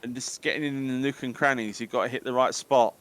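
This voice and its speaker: A man's voice: mid-range voice, steady tone, fast, a bit bright. A man, joking and swearing in casual chat while playing a game on a podcast. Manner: joking, swearing, laughs a lot. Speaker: podcast host and gamer.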